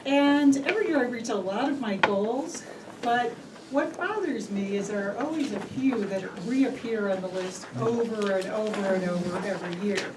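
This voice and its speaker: A woman's voice: mid-range voice, moderate pace. Female speaker with a light, self-deprecating manner, recorded from afar in a reverberant room. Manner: friendly, self-mocking, laughing lightly. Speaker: club speaker. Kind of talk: prepared persuasive speech. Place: meeting room. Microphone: room mic from a distance. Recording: echoey room, distant mic, background noise.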